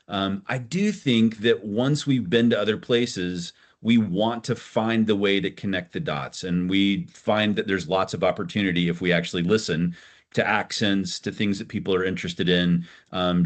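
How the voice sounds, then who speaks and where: A middle-aged man co-hosting a podcast, speaking in a warm, reflective way and prompting his son with questions. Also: on the low side. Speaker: podcast co-host, father. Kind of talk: casual conversation.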